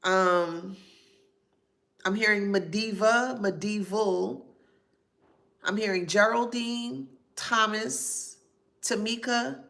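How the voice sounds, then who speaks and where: A woman with a bright, gravelly voice gives a channeled psychic reading to camera. She lists names one after another and spells some of them out slowly, letter by letter. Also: mid-range voice. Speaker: psychic reader.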